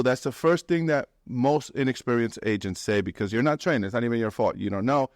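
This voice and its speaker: A man talking to a meetup crowd about investing, with a blunt, animated delivery and the odd curse. He mimics other people's voices by pitching up sharply. The sound is dry and close, with no room echo. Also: a little fast, few pauses. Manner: blunt and swearing, acts out quoted people in raised pitch. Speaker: real estate investor and mentor speaking at a meetup. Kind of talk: animated talk to a live audience.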